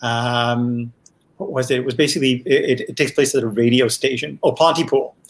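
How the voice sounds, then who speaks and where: A man's voice: medium pitch, steady tone, a little fast. Guy who made the show, rambly chat, lots of uh and restarts. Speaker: series creator guest. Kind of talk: casual podcast chat.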